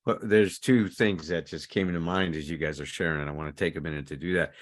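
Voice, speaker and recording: Man, low voice, recovery group sharer, reads aloud and riffs on it with earnest energy. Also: steady tone, fast. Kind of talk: reading aloud and commenting in group talk.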